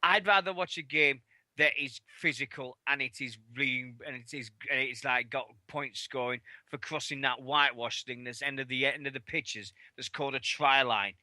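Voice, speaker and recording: A man co-hosting a sports radio show, chatting casually and ranting loudly and swearing when worked up. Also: mid-range voice, steady tone, normal speed, no echo. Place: radio studio.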